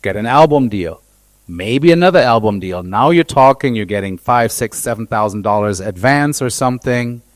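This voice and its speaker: A man's voice: medium pitch, lively intonation, normal speed, dry recording. A man who is a DJ and producer, giving blunt, opinionated views on a live panel and swearing casually. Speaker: DJ and producer, guest.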